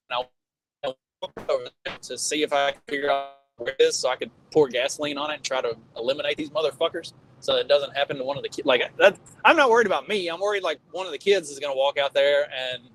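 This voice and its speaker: Middle-aged male podcast co-host, lively swearing storyteller, voice sits a bit high. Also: rough recording. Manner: animated storyteller, swearing freely. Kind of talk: casual chat.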